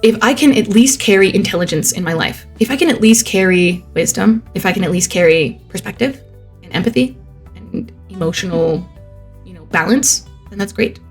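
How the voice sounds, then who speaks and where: A young woman talking casually and earnestly to camera, answering viewer questions with lots of "like" fillers and easy laughs, with soft music behind her. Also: medium pitch, lively intonation, moderate pace. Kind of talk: casual reflective monologue.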